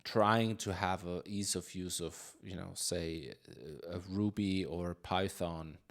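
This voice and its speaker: A man talks slowly in a low voice while he codes live, thinking aloud and circling back on his sentences. He keeps it loose and conversational, full of fillers and trailing restarts. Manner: reads chat questions aloud. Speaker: live-coding streamer. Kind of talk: casual live-coding chat.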